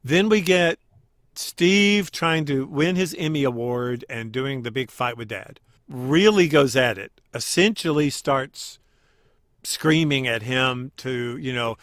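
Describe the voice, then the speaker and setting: A man co-hosting a podcast, chatting casually as he recaps scenes and acts out quick quoted lines. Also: mid-range voice, fairly bright tone, dry recording, studio quality. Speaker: podcast co-host.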